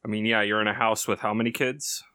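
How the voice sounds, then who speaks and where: A man with a lowish voice and a sharp, bright edge throws in short, blunt, dryly teasing comments. The recording is dry and close-miked. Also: little pitch movement, quick pace, smooth, dry recording. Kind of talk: casual chat.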